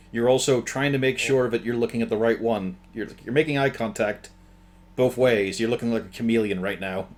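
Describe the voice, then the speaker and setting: A man's voice: mid-range voice, moderate pace. A man narrating as game master in a tabletop game, laughing often as he describes scenes.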